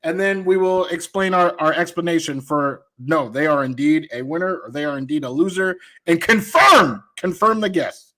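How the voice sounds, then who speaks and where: High-voiced, excitable male co-host. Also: normal speed, hardly any pauses. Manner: excitable, playful, laughs often. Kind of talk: casual sports talk show.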